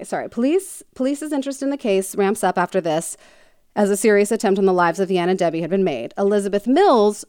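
A woman's voice: medium pitch, darkish tone, smooth, no echo, clean studio sound. A woman hosting a podcast, casually retelling a true crime story with lots of fillers and joking asides. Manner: chatty, many fillers like "um" and "like", jokey asides.

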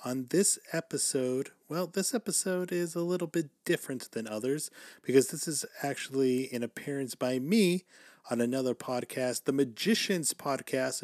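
A man's voice: mid-range voice, a little mellow, dry recording, clean studio sound. A man hosting his own podcast and then chatting as a guest on another, upbeat and laughing easily. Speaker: podcast host. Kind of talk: casual podcast chat.

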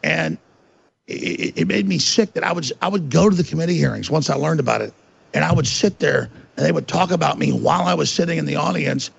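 A man's voice: fairly high pitch, brisk, vocal fry, husky, highs cut off. A man giving an angry, emphatic rant as a podcast guest. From United States. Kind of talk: heated podcast interview.

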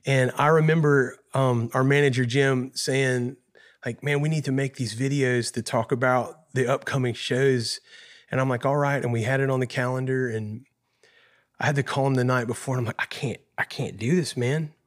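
A man's voice: medium pitch, fairly even intonation, moderate pace. A man, a guest musician, telling a painful personal story in an earnest, emotional way, often repeating himself and saying "man.".

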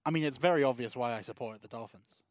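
A man making dry, laid-back asides as a podcast producer. His voice sits at a middling pitch, in a dead-sounding room with no echo. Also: fast talker. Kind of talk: casual sports podcast banter.

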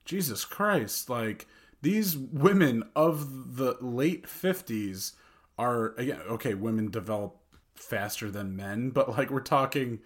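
A man co-hosting a casual film-review podcast, relaxed and a little hesitant, often trailing off softly. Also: mid-range voice, takes it slowly. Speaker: podcast co-host.

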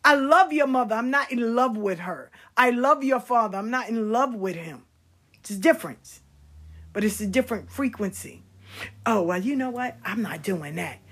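A middle-aged woman telling stories about her life in a casual, blunt and animated way, swearing freely. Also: fairly high pitch, moderate pace, slightly rough. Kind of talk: casual storytelling.

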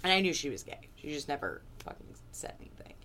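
A woman's voice: sits low, very animated, fast, bright, forceful tone, a little hiss or hum. A woman from Southern California, co-hosting a casual podcast chat, rambling through stories with lots of fillers. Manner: rambling, filler-heavy storytelling. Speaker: podcast co-host.

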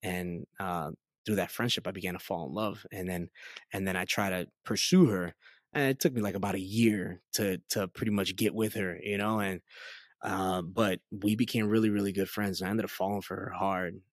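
A man in his late thirties speaks with a somewhat low voice, recorded dry and close in a studio. He tells his story in a chatty, rambling way, leaning on fillers and acting out what people said. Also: moderate pace, no echo. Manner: chatty, many fillers, lively quoted dialogue. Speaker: guest giving testimony. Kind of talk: casual storytelling interview.

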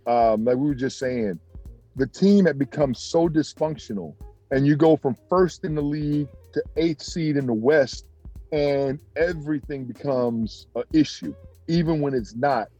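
A man, a former pro basketball player, telling stories in a casual interview, animated and jumping up in pitch when he acts out other people. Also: measured pace, muffled recording, faint music behind.

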